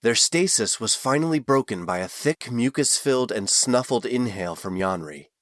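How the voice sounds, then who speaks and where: A man narrating a fantasy novel chapter in an expressive storytelling voice. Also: medium pitch, normal speed, dry recording, clean studio sound. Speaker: audiobook narrator. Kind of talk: scripted narration.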